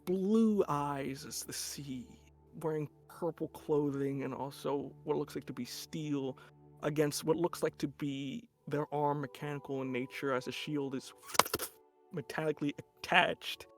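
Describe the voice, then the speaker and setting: A man's voice: fairly high pitch, steady tone, measured pace, soft background music. A man running a tabletop game as game master, narrating in a casual, rambling way.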